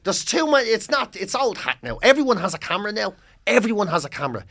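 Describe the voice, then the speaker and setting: A quick-talking Irish man, a comedian guesting on a casual podcast. His voice sits a little high and rings bright. He rattles through anecdotes in a lively, chatty storyteller's way. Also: gravelly. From Ireland.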